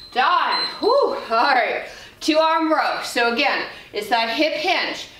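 A fitness trainer in her forties leads a dumbbell workout, her high voice pushed and bright with a faint hiss or hum. She chats casually between instructions, laughs a lot, and swears occasionally. The recording is roomy and echoey, with her voice coming from a distance.

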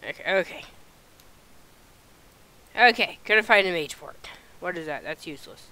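A woman hosting a casual let's-play video, talking through her game in an animated, exasperated way as she thinks aloud. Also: on the low side, normal speed. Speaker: gameplay video host.

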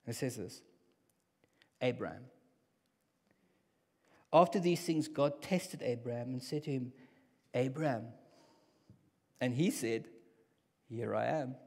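A man preaching a sermon in a church hall, talking in a casual, conversational way that drops to near whispers and rises to loud bursts. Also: mid-range voice, takes it slowly, creaky, long pauses. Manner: conversational, swings from hushed to loud. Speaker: pastor. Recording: long hall reverb.

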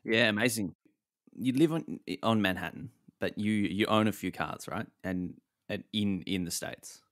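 Low-voiced man hosting, dry and close. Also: unhurried, no echo. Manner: relaxed, easygoing questioner. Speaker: podcast host. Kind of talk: casual chat.

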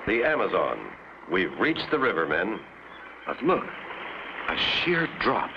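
A man voicing a steady adult adventure hero with a brisk, commanding manner, on a lo-fi 1950s cartoon soundtrack. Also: fairly low pitch, noisy background, full character voice.

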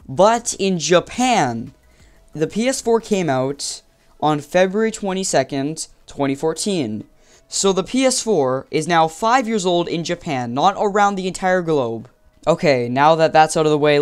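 A man's voice: fairly high pitch, smooth. A man giving casual commentary as a gaming vlogger, earnest and chatty, explaining things with asides.

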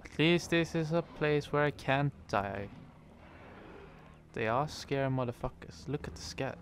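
A man's voice: mid-range voice, animated, measured pace, a little hiss or hum. A man commentating his game playthrough, joking and talking to the characters on screen. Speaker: gamer. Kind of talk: let's play commentary.

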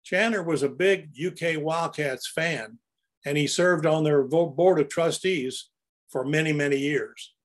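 A man's voice: fairly high pitch, measured pace. An older man narrating his own photographs in an anecdotal, storytelling way as he presents them.

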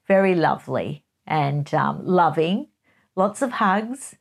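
A middle-aged woman hosts a casual gossip show, chatting along in a playful, giggly manner. Her voice sits slightly low for a woman. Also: animated, unhurried, gravelly, pauses often. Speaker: host.

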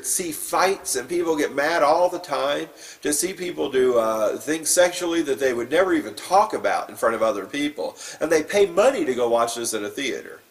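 A man's voice: fairly high pitch, distant mic, rough recording. A man preaching as a pastor, reading scripture and then giving an informal, plain-spoken sermon with some fillers.

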